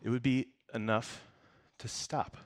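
Unhurried and medium-pitched with little pitch movement, a pastor reads scripture and preaches a relaxed sermon. He's conversational and jokey, laughs frequently, and moves from quiet, soft stretches to loud, emphatic ones.

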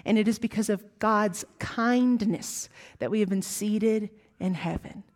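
A woman with a Southern US accent preaching a sermon, with emphatic rising lines and hushed, whispered asides. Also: medium pitch, steady tone, a little slow.

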